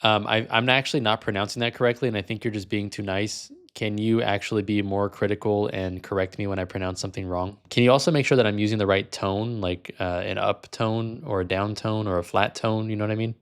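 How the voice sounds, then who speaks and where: Male vlog host, slightly low voice, frank casual delivery. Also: steady tone, fairly quick, hardly any pauses, clean tone. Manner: casual, frank, sometimes amused. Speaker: language learner and video host.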